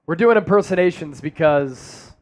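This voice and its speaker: A man hosting a casual sports live stream, joking and reading out chat comments. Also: a little high.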